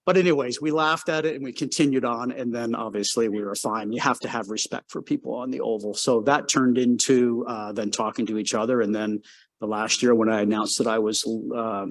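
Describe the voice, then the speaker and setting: A man's voice: mid-range voice, fairly quick. A man in his sixties from Canada, a former race car driver who is the guest. He tells long, rambling stories full of "um"s and gets livelier as he acts out the exchanges. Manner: rambling, filler-heavy, lively when telling a story. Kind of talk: casual anecdotal storytelling.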